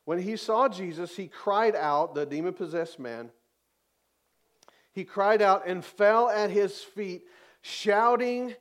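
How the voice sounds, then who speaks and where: A man preaching a sermon, reading scripture aloud with emphatic, dramatic rises in his voice. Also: high-pitched. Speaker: pastor.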